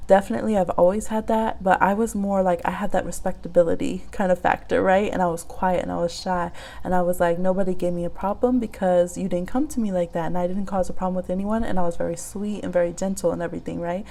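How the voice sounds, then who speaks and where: A woman hosting a live-streamed reading, talking casually and animatedly, laughing often and jumping high in pitch as she tells stories. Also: fairly even intonation, fast, vocal fry, hardly any pauses, warm tone. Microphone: phone app live stream.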